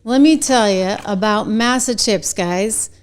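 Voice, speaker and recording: A woman with a New England accent hosting a commentary show, talking in a chatty, animated way and laughing between points. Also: medium pitch, a little slow. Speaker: show host. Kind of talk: commentary with a sponsor read.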